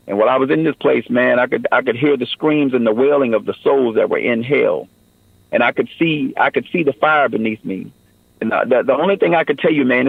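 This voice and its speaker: A man's voice: medium pitch, vocal fry, breathy edge, no room sound, phone-quality sound. A man giving an earnest personal testimony in a radio interview, often saying "man" and "you know".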